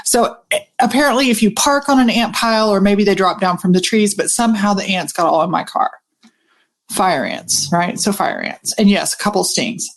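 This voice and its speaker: Animated woman telling a story. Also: medium pitch. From Texas. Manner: animated, swearing freely, quick asides. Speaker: business coach. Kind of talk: casual storytelling to camera.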